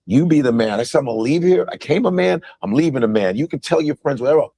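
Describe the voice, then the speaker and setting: Husky-voiced New man, animated storyteller, swears a lot. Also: medium pitch, quick pace. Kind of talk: casual storytelling.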